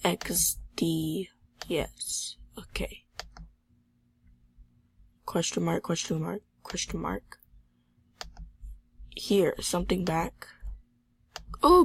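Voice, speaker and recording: A teenage girl hosting a gaming channel talks in a subdued way over gameplay, reading chat messages aloud with a sore throat. Her fairly low voice is gravelly with a breathy edge, very slow, and full of pauses. It's casual gameplay commentary with no echo.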